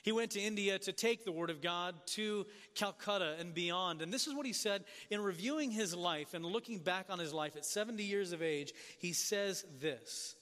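A man preaching a sermon as pastor, earnest and questioning, often dropping soft and low for emphasis. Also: normal speed, hardly any pauses, in a large hall.

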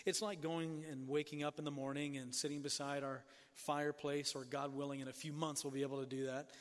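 A man preaching a sermon as pastor, earnest and questioning, often dropping soft and low for emphasis. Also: flat delivery, brisk, few pauses, in a large hall.

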